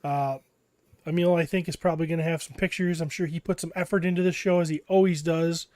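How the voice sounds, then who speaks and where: A man's voice: a little high, fairly even intonation, fast talker, darkish tone, no echo. A man hosting a podcast in casual chat, joking and playful. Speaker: podcast host.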